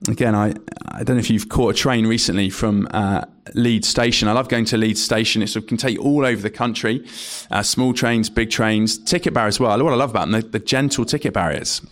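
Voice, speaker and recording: A young man preaches a sermon, telling stories to make his point. His voice sits at a middle pitch with a gravelly edge. He talks conversationally, with frequent ums and uhs.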